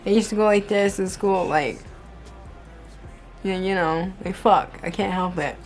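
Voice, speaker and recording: A woman's voice: mid-range voice, a little slow, darkish tone, soft background music. A young woman vlogging to camera, telling work stories bluntly, with heavy swearing and constant "like". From United States. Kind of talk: casual storytelling to camera.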